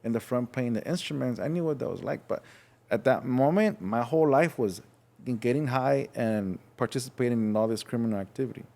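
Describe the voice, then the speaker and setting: A young man from Los Angeles, a podcast guest telling his story in a frank, halting way, acting out voices as he goes. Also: medium pitch, vocal fry, darkish tone. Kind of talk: casual storytelling.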